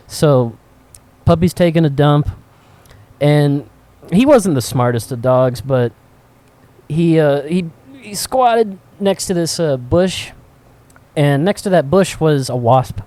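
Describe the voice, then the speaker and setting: A man co-hosting a podcast, telling profane, animated anecdotes with frequent laughter in casual chat. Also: fairly high pitch, slow. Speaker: podcast co-host. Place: cigar shop.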